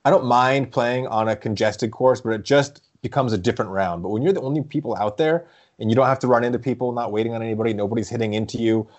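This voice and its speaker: A young man chatting casually as a podcast co-host, telling stories in a rambling, animated way with frequent laughs. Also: mid-range voice, quick pace. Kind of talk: casual chat.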